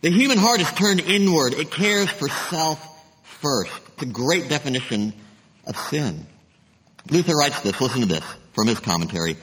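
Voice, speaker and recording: A man preaching a sermon as pastor, emphatic, dropping to a hush to stress his points. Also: mid-range voice, big pitch swings, normal speed. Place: church sanctuary. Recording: long reverb of a sanctuary.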